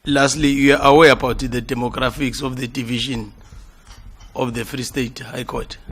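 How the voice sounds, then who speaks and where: A man on a formal interview panel, putting deliberate questions as a commissioner. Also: mid-range voice, level tone, fairly bright tone, slightly rough.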